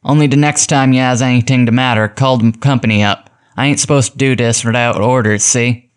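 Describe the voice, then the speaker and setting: A man voicing a detective disguised as a gruff gasman, growling in tough street slang, in a storybook reading. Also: medium pitch, fairly even intonation, brisk, natural voice.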